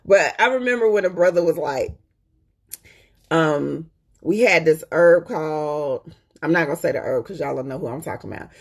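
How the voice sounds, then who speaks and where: A woman talks in a loose, colloquial way to her viewers, calling them "y'all" and driving her points home by repeating them. Her voice sits fairly low and has a husky, breathy edge. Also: normal speed. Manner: chatty and emphatic, repeats points, checks in with "okay?". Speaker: host. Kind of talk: casual live-stream chat.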